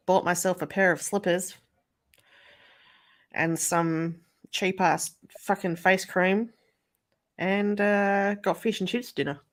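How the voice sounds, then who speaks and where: A woman telling a story in a casual livestream, chatting and swearing freely. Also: mid-range voice.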